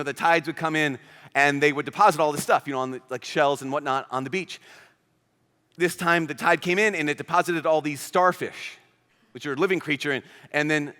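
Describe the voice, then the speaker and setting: A man preaches to a youth conference in a lively storytelling style, slipping into the voices of the people he quotes. His voice is bright and a touch high for a man. It rings with the long reverb of a big hall. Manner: animated storytelling, acts out quoted characters. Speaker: priest.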